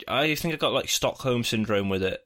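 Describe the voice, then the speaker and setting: A man's voice: mid-range voice, lively intonation, brisk, a bit bright. A man co-hosting a podcast in casual, rambling chat, laughing easily. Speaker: podcast co-host.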